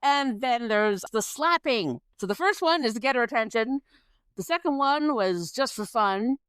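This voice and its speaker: A woman's voice: a little high, expressive, normal speed, a bit bright, slight background noise. A woman co-hosting a podcast, explaining things in an earnest, chatty way. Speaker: podcast co-host. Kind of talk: casual chat.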